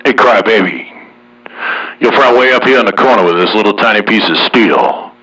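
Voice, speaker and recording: A man in the US Northwest hosting a relaxed CB radio chat, with folksy banter. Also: lowish voice, normal speed, husky, far from the mic, low-quality recording. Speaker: CB radio operator and channel host.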